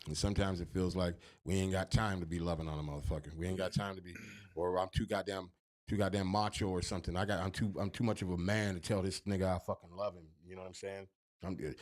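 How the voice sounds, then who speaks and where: A man's voice: low-pitched, a little mellow. A man co-hosting a podcast, talking casually with an emphatic, profane, preachy manner. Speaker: podcast co-host.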